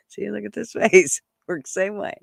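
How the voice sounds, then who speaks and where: A woman hosting a casual livestream, chatting excitedly and laughing often as she reads viewers' comments. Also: mid-range voice, creaky, dry recording, studio quality. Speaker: channel host reading live chat.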